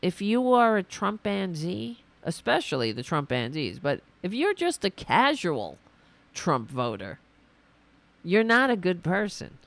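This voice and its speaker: A woman hosting a political podcast, delivering an indignant, profane rant full of restarts, her voice going hoarse. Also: on the low side, wildly swooping pitch, measured pace, fairly bright tone, dry recording. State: losing her voice. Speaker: podcast host.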